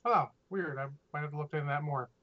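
Opinionated, swearing male podcast co-host; slightly high voice, muffled lo-fi recording. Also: quick pace. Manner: opinionated, profane, rambling. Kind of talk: casual chat. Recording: dull lo-fi audio.

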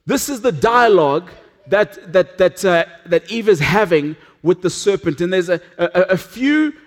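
High-voiced male pastor preaching earnestly. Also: expressive, measured pace. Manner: earnest, with frequent restarts and dramatic drops to a hush. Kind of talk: sermon.

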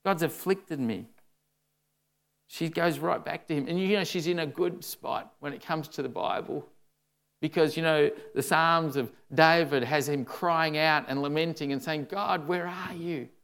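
A man's voice: on the high side, steady tone, normal speed, gravelly, fairly bright tone. A man preaching a sermon in a conversational way, often saying "you know" and acting out the lines he quotes.

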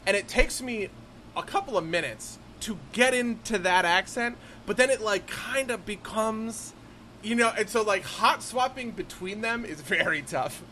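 Young guy on a gaming podcast, bright slightly high voice, laughs a lot, faint background hiss. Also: moderate pace, low-quality recording. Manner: animated, laughs often, lots of fillers. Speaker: podcast co-host. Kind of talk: casual chat about role-playing games.

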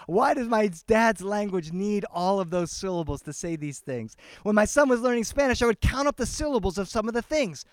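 A man telling a family story to a live audience, animated and switching between English and Spanish. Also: high voice, normal speed, clear, resonant tone, no echo, studio quality. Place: outdoor garden festival.

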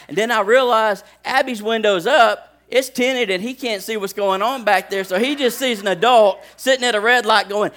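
A man preaches from the pulpit, telling homespun stories about his kids. His voice sits a bit high for a man, and he talks in a folksy, animated way that builds into firm preaching. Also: fairly quick, few pauses. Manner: folksy storytelling, animated when acting out scenes. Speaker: pastor. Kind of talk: sermon with personal stories.

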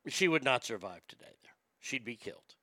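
A man's voice: mid-range voice, lively intonation, brisk, pushed and bright, no room sound. A man casually telling candid, profane, rambling stories to a familiar audience. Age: adult. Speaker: storyteller.

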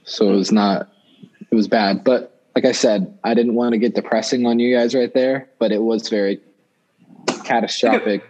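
A man's voice: lowish voice, steady tone, normal speed, darkish tone, dull audio. Rambling young guy telling a story. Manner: rambling, filler-heavy, many restarts. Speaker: guest storyteller. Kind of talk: casual storytelling.

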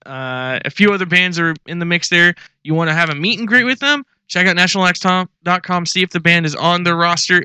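Man, radio co-host, laid-back jokey banter, sponsor plugs, fairly high voice, dry studio sound. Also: bright, forceful tone, clear, resonant tone, no echo. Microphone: studio headphones and mic.

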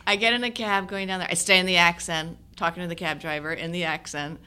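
A woman's voice: fairly low pitch, fast talker, smooth. A woman in her sixties telling stories as an actress guest in a casual interview, laughing often. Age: 60s. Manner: animated storytelling, laughing often.

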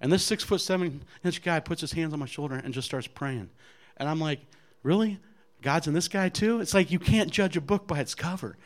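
A man giving an earnest personal faith testimony to an audience, animated as he acts out other people's lines, with frequent restarts. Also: a little high, fairly quick. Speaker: guest speaker giving testimony.

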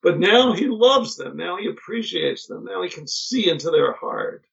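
A middle-aged man, a podcast guest, telling family stories in a reflective, halting way with many pauses and restarts. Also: high voice, animated, vocal fry, a bit bright, husky. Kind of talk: casual conversation. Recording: dull lo-fi podcast audio.

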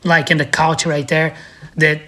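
Brazilian skater guest in his thirties, bright sharp tone, lively slangy storyteller. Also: fairly high pitch, measured pace. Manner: animated, slangy, laughs often. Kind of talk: casual podcast storytelling.

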